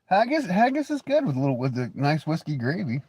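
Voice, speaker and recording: A man's voice: fairly high pitch, wildly swooping pitch, fast, darkish tone, breathy edge, no room sound. A man with an American accent hosting a livestream, teasing and crude in casual banter. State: coughing. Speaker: livestream host.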